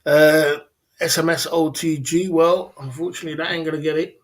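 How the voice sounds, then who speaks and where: A man's voice: on the high side, flat delivery, a little fast. Slangy, chatty male livestream host. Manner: repeats phrases, slangy, laughs often. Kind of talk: casual livestream chat.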